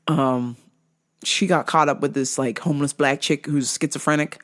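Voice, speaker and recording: A woman hosting a podcast, telling a story in a casual, animated, profane way with loud laughs. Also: deep voice, normal speed. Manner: animated, profane, laughs loudly, squeals in impressions. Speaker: podcast host.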